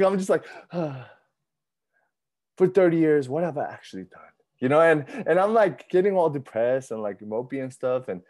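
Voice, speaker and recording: Brief: male pastor, thirties, mellow voice, lively chatty sermon delivery. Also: mid-range voice. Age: 30s. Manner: conversational, animated, repeats himself and acts out his own thoughts.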